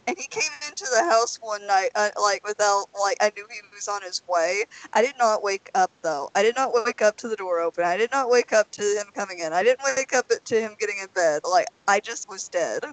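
A woman co-hosting a casual podcast chat, talking in an animated way and acting out the voices she quotes. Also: mid-range voice, normal speed, few pauses, dry recording, poor audio. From Arkansas, US. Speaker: podcast co-host.

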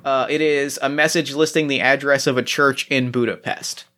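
A man narrating as game master, talking in halting bursts full of restarts and fillers. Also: medium pitch, fairly even intonation, bright, forceful tone.

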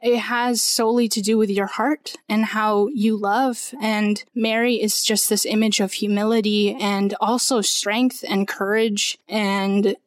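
A woman in her twenties, a musician, speaking as an interview guest and telling a personal faith story in an earnest, animated way. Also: mid-range voice, unhurried, hardly any pauses, dry recording. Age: 20s.

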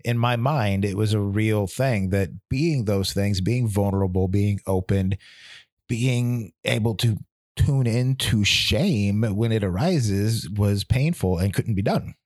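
A man in his thirties hosting a podcast, talking through a personal reflection in a candid, halting way, often restarting and repeating words. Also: fairly low pitch, darkish tone, dry recording, studio quality. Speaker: podcast host.

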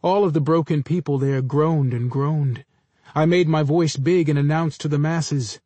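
Man reading a story, slightly high voice. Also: normal speed, mellow, dry recording. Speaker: narrator. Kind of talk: first-person story reading.

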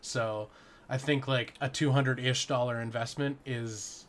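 A man in his thirties co-hosting a podcast, laid-back and joking, often trailing off quietly. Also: medium pitch, fairly even intonation, a little slow, slight background noise. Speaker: podcast co-host. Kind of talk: casual chat.

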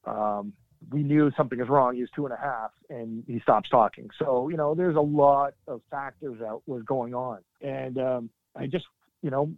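A middle-aged Canadian man, a former soldier appearing as a guest, tells his story candidly in an interview, earnest and halting with sudden emphatic bursts. His mid-range voice comes through a dry, narrow, tinny phone-like line with no echo.

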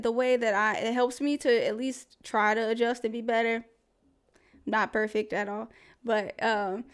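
A woman's voice: fairly high pitch, clean tone. A woman hosting a casual solo podcast, talking candidly through life advice with many fillers and asides. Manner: chatty and candid, with frequent fillers and laughs. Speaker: podcast host.

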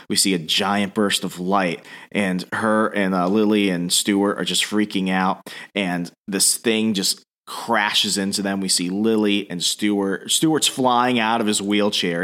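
A man co-hosting a podcast, recapping a comic book story in a fast, animated way with many fillers. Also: lowish voice.

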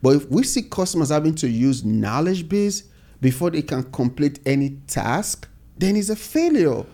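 A man's voice: on the high side, sing-song, moderate pace, mellow. A man, a company founder, talking earnestly in a casual interview, explaining his ideas step by step. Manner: earnest, explains in steps with repeated phrases. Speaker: software company founder, guest.

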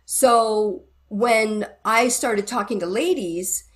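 Frank, earnest woman with a higher voice. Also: slow. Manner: earnest and frank, retells conversations with animated quoting. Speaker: guest who counsels wives in a church. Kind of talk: candid interview conversation.

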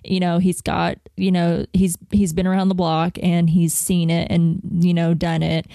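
A woman's voice: on the low side, little pitch movement, moderate pace, vocal fry, dark tone, no echo, clean studio sound. A woman co-hosting a podcast, chatting enthusiastically with stammering restarts. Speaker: podcast co-host. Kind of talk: casual chat.

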